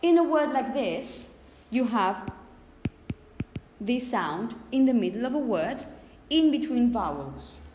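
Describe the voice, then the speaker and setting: A woman's voice: fairly high pitch, big pitch swings, a little mellow. Woman teaching in an echoey classroom. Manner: explains slowly with many repetitions and "okay?" checks. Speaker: phonetics teacher. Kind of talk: classroom lecture. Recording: echoey classroom with long reverb, faint hiss.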